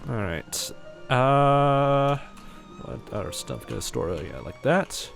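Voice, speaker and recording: A man's voice: mid-range voice, big pitch swings, drawn-out words, gravelly, faint music behind. A man from New Zealand with a light, slightly American-sounding accent. He chats casually to his live-stream audience while playing a game, leaning on "like" and "um" and restarting often. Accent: light New Zealand, somewhat American-sounding. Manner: rambling, heavy use of "like" and "um", many restarts. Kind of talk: casual live-stream chat while gaming, reading chat aloud.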